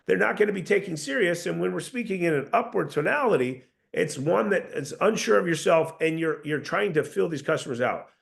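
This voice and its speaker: A man's voice: sits high, lively intonation, a little fast, vocal fry, few pauses. A man coaching a sales team in a casual, earnest talk, often restarting his sentences. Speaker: sales trainer.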